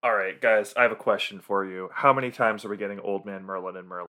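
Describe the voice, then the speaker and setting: A man co-hosting a casual show recap, upbeat and quick to ask the others questions. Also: lowish voice, fairly even intonation, sharp tone. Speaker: podcast co-host.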